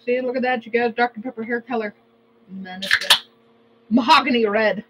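Joking higher-voiced woman with Minnesota accent. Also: moderate pace, very noisy. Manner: joking, laughs often, bursts into playful yelling. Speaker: co-host. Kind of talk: casual chat.

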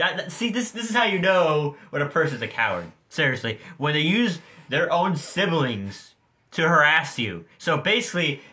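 A man's voice: a little high, sharp tone. A teenage boy ranting angrily to his viewers in a storytime vlog, heated and full of swearing. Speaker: vlogger. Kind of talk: angry storytime rant.

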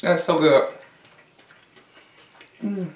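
A woman's voice: fairly low pitch, drawn-out words, recorded from a distance. A woman hosting a casual eating-show vlog, chatting directly to her viewers. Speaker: mukbang vlogger. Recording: echoey room, voice away from the mic.

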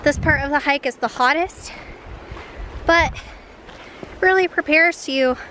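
A woman vlogging on a hike beside a creek, chatty and playful, and quick to get worked up. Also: high-pitched, sharp tone. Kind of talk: casual outdoor vlog chat. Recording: noisy outdoor recording.

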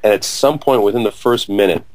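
A middle-aged man with a fairly low voice tells a rowdy anecdote in an interview. He is excitable and acts out what people said, and his voice is recorded close and dry. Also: fairly quick, no room sound. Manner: excitable storyteller, acts out quotes loudly, laughs a lot. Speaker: actor interviewee. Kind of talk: animated anecdote telling.

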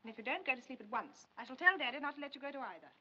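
A woman's voice: sits high, animated, very fast, sharp tone, slightly rough, heavily acted. An actress playing a prim, firm middle-class mother in a 1940s film scene, scolding her children in clipped tones. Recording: dull 1940s film soundtrack.

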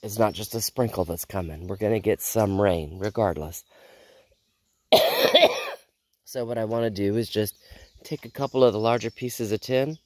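A woman vlogging outdoors in her backyard garden. She rambles in a casual, unhurried way, sounds a little out of breath, and feels unwell. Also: extremely low pitch, dark tone, no echo. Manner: rambling, unhurried, with repeated sign-offs. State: feeling unwell. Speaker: homestead vlogger. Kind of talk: casual chat.

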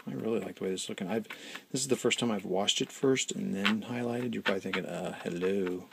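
A man's voice: lowish voice, fast talker, creaky, very noisy. A man hosting a casual hobby vlog, chatty and self-deprecating, often trailing off mid-sentence as he talks at his painting desk. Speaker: hobby channel host.

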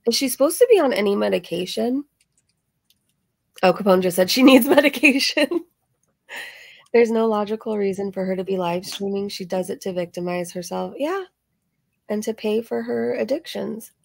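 Woman reaction host, mid pitch, chatty and sarcastic, slightly strained voice. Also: moderate pace, gravelly. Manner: chatty, sarcastic, laughs often. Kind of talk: casual reaction commentary.

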